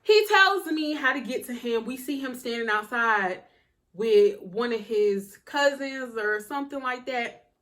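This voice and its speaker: Brief: a young woman vlogger with a high voice, telling a personal story in a slangy, animated way. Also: a little slow. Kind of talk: storytime vlog.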